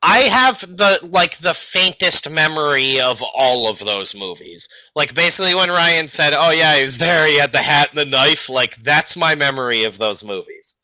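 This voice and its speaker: Laughing man, very bright voice. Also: fairly high pitch, animated, normal speed, hardly any pauses, no echo, rough recording. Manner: laughs often, rambling and jokey. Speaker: podcast co-host. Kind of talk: casual banter.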